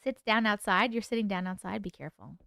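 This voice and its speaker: A woman's voice: medium pitch, fast, creaky, bright, forceful tone, no echo, studio quality. A woman hosting a casual livestream, chatting with viewers, reading their comments aloud and laughing often. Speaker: livestream host and author.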